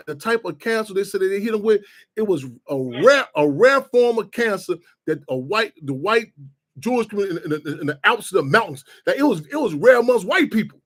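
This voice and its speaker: In an offhand solo ramble, a radio show host speaks rapidly in a high voice, leaning repeatedly on the phrase "you know what I'm saying".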